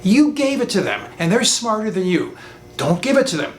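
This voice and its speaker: A man's voice: very animated, normal speed. A man, a lawyer, giving an online class over a video call. He speaks emphatically and repeats his warnings. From Canada. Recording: roomy sound with faint rumble.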